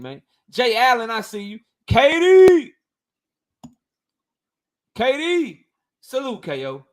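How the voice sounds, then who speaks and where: A man's voice: sits high, fairly bright tone. A young man hosting a live stream, chatting casually in slang and greeting viewers by name.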